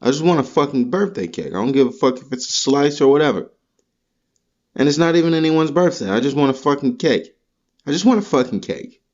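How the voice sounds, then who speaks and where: A man's voice: on the high side, a little fast. Crude ranting man, muffled lo-fi sound. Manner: rambling, crude, animated rants. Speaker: podcast host. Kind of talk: profane comedic monologue.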